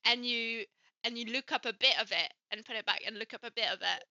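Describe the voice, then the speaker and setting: A woman with a light Swiss French accent talks animatedly in a casual chat, with a very bright, forceful edge to her voice. She curses freely and acts out the people in her stories. The sound is dry and a little muffled. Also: a little high, brisk, no room sound. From Switzerland. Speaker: podcast co-host.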